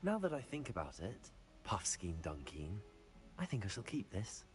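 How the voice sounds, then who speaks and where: A lively, husky, lowish smug young hero, condescending. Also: male voice, moderate pace, faint music behind, exaggerated voice.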